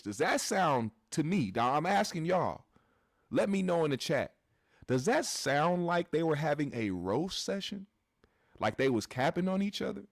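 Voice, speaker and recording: A man's voice: on the high side, no room sound, studio quality. A man hosting a commentary show, talking bluntly and with plenty of profanity straight to his live chat audience.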